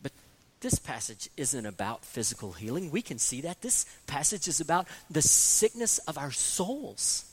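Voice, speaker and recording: Pastor, man, expository sermon; earnest delivery with stumbling restarts, builds to forceful emphasis, voice a touch high. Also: animated, normal speed, few pauses, slightly rough. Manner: earnest, repeats words when restarting, rises to emphatic peaks.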